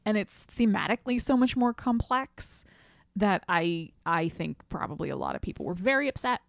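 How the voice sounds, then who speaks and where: A woman's voice: mid-range voice, expressive, moderate pace, gravelly, dry recording, studio quality. A woman co-hosting a podcast, chatting about an old film in a thoughtful way and often offering short agreement. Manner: thoughtful, backchannels often, laughs easily. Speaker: podcast co-host. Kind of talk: casual film discussion.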